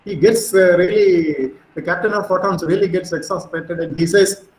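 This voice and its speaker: A middle-aged man giving a physics lecture, animated and storytelling, with frequent fillers. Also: high voice, normal speed, few pauses, roomy sound, rough recording.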